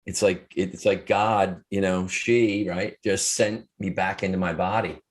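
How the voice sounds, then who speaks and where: A man's voice: low-pitched, steady tone. A man in his fifties, an author and speaker, earnestly telling a personal story in an interview, with frequent restarts. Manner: earnest, reflective, halting with restarts.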